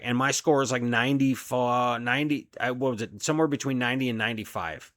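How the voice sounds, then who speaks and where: A man's voice: medium pitch, fast talker, few pauses, a bit bright, dry recording, clean studio sound. A man, a delivery driver, venting in an angry, profane solo rant about his job. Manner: profane, heated, frustrated.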